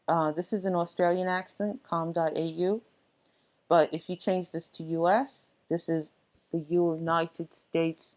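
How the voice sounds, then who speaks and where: This is a woman with a somewhat low voice, explaining software setup in a laid-back, unscripted way. She pauses often on fillers while she clicks through screens. The recording sounds dull and lo-fi. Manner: relaxed, many ums and uhs, talks through steps. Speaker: tech tutorial presenter. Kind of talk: casual screen-recorded tutorial narration.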